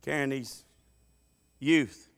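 A middle-aged man preaching a sermon, telling folksy stories and swinging from hollering to quiet asides. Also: medium pitch, slow.

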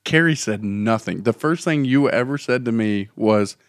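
A man's voice: mid-range voice, expressive, moderate pace, no echo, clean studio sound. Teasing man chiming in. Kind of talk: casual chat.

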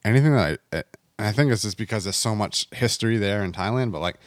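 Low-voiced rambling American man. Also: fast talker, no echo, clean studio sound. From United States. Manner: rambling, heavy on fillers like "you know what I mean". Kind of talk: casual podcast chat.

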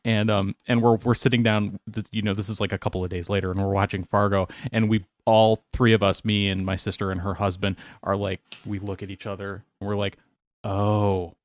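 A man's voice: lowish voice, level tone, a little fast, few pauses, no echo. A man from Wisconsin with a Wisconsin accent, chatting casually and telling stories, acting out voices and laughing often. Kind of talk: casual chat.

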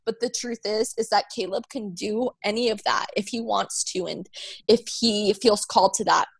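A woman's voice: mid-range voice, normal speed, vocal fry, slightly rough, no room sound, rough recording. Young woman guest: heartfelt, emotional, chatty with fillers; mid-range voice, dry recording. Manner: earnest, emotional, many fillers. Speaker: guest, mother of a child with Down syndrome. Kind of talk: heartfelt conversational interview.

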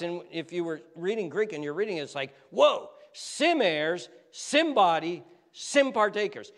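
A man's voice: sits high, fairly bright tone. A man preaching a sermon as pastor, explaining words by spelling them out letter by letter and building up to fervent emphasis. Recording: reverberant hall.

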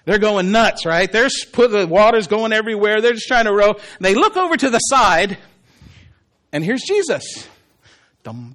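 A male pastor preaching a sermon with animated, humorous storytelling. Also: very high voice.

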